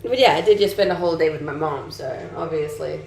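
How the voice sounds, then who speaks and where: A woman's voice: low voice, fairly quick, darkish tone. A young woman from Denmark with a shifting Danish and Australian-tinged English accent, chatting casually on a live stream and laughing often. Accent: mixed Danish and Australian-tinged English. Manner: chatty, laughs often, answers chat messages. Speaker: livestreamer reading chat. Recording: echoey room, faint noise.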